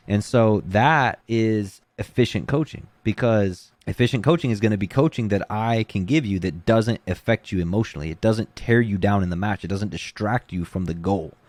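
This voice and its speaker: A man's voice: fairly low pitch, no echo. A man who coaches jiu-jitsu, talking casually and acting out the things people say to him. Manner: animated, acts out quoted voices. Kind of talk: casual podcast talk.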